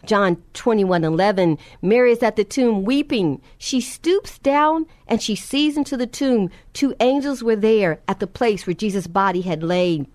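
A woman's voice: normal speed, hardly any pauses, darkish tone, no echo. A woman preacher delivering a sermon, retelling scripture with impassioned emphasis, her voice climbing at key points. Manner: impassioned, rising in pitch at emphasis.

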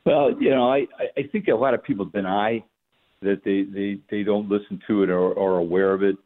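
An older man from the New York area is on the line as a guest on sports radio. His voice sits deep and comes through thin and phone-like. He talks in a halting way, restarting sentences and filling the gaps with "uh" and "you know.". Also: steady tone. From New York metropolitan area. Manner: halting, many fillers and restarts. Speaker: former NFL coach, radio guest. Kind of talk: casual radio interview.

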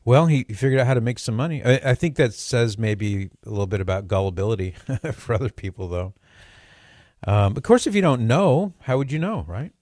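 A man's voice: medium pitch, animated, a little fast, a little mellow, no echo, studio quality. A middle-aged man hosting a talk radio show, telling stories in a chatty way with restarts and chuckles. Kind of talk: casual talk radio chat.

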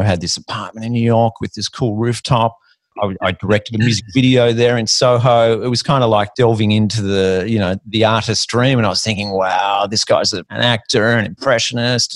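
A middle-aged man with an Australian accent hosts a relaxed, chatty interview. His voice sits fairly low and sounds close and dry, with little room around it. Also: moderate pace, no room sound. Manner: friendly, says "mate". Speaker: podcast host. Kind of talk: casual interview chat.

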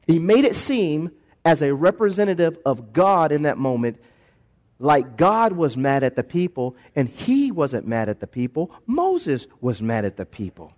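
Animated man preaching a sermon. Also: fairly high pitch, a little slow. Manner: animated preaching, acts out voices, call-and-response. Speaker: pastor.

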